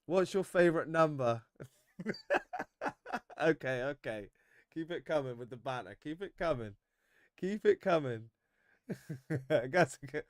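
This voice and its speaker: A man's voice: a little high, a little slow, long pauses, dry recording. Chatty man, dry close mic. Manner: animated, banter-filled, laughs often. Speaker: football fan livestream host. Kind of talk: casual livestream chat, reading viewer comments.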